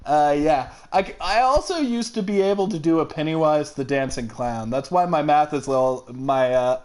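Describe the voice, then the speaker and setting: A woman's voice: deep voice, moderate pace, darkish tone. A woman hosting a casual let's play, chatty and self-deprecating, giggling between lines. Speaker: host reading game dialogue.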